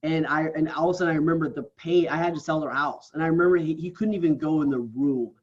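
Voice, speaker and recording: A man's voice: on the high side, fast, highs cut off. A man as a podcast guest, talking earnestly and casually and often ending his thoughts with "right?". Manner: earnest, tags many lines with "right?". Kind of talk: casual interview talk.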